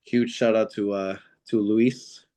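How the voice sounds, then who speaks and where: A man's voice: lowish voice, level tone, slow pace, mellow. A man from Seattle, a professional wrestler guest, telling rambling anecdotes in a casual interview and acting out quoted dialogue with lots of fillers. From Seattle, USA.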